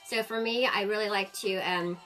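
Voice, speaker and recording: A woman's voice: mid-range voice, fairly even intonation, normal speed, fairly bright tone, soft background music. A woman in her forties hosting a casual live-stream makeup tutorial, chatting to viewers and laughing often. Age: 40s.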